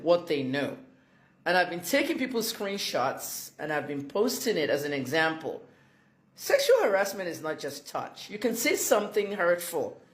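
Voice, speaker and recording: A woman's voice: lowish voice, roomy sound. A woman giving chatty, indignant commentary to her fans in a casual vlog.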